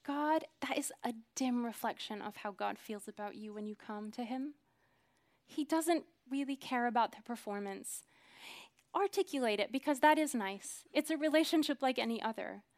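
This is a sermon from a woman in her thirties, earnest in tone and moderate in pace. Her fairly high voice falls to hushed murmurs and climbs back to strong, emphatic swells.

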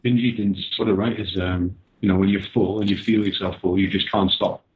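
A man speaking as a personal trainer guest on a podcast, giving calm, measured explanations over a remote call. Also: low-pitched, breathy edge. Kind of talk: casual podcast chat. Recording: tinny phone-like line.

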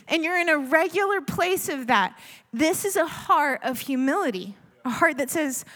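A woman preaching a sermon, earnest and pleading, sometimes dropping to a hush. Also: high voice, expressive, normal speed. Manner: earnest, pleading, with soft hushed asides.

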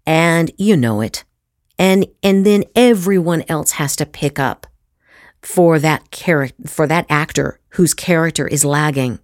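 Emphatic low-voiced woman teaching acting. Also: measured pace, darkish tone, no room sound, clean studio sound. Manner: emphatic, plays with voices to demonstrate. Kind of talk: master class lecture.

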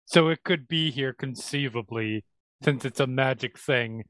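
A man's voice: mid-range voice, unhurried, a bit bright, no room sound, rough recording. A man playing a tabletop game, asking dry, probing questions.

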